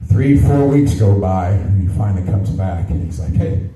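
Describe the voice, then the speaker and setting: A man's voice: low-pitched, expressive, normal speed, mellow. A man doing stand-up, telling crude jokes with dry punchline delivery. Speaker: stand-up comedian. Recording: echoey room, distant mic, faint noise.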